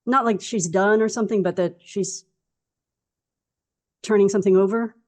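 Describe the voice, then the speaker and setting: This is a woman playing a character in a tabletop game, reasoning aloud in an earnest, rambling way with lots of fillers. Her voice is mellow and dark-toned at a middle pitch. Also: fairly even intonation, normal speed. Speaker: player.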